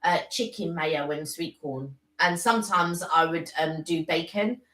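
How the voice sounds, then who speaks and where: A woman's voice: on the low side, unhurried, fairly bright tone. A woman co-hosting a live stream, chatting casually and emphatically about food. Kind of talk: casual chat. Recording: roomy echo.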